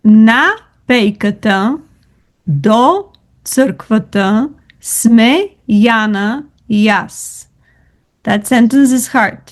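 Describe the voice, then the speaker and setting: A woman's voice: fairly high pitch, extremely slow. A woman teaching a language lesson over a video call, patient and encouraging, switching between languages. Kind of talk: online tutoring lesson.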